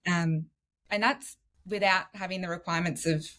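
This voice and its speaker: An Australian woman in her thirties tells her story as a guest in a relaxed podcast chat. She talks in a lively, animated way, laughs often, and acts out the lines of the people in her story. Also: on the low side, moderate pace. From Western Australia. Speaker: guest, medical student and former nurse.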